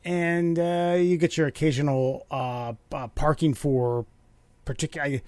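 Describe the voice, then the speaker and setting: A man's voice: a little high, steady tone, unhurried, darkish tone, no room sound. A man in his late thirties co-hosting a podcast, telling a rambling story, swearing freely and mimicking voices. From Baltimore area, USA. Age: 30s. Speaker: podcast co-host. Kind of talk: casual podcast banter.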